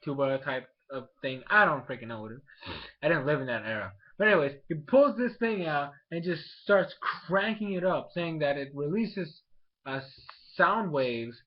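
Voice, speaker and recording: A man giving a casual, rambling episode recap as a reviewer, excitable and jumping into quick character voices. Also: mid-range voice, dull audio. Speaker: anime reviewer.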